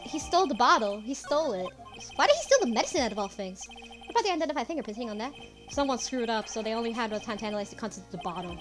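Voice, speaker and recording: An excitable woman reads a story game's text aloud and blurts out reactions and curses between lines. Her voice sits a little high. Game music runs steadily under her. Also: very fast. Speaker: let's player. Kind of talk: game commentary with read-along dialogue. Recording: game music playing behind.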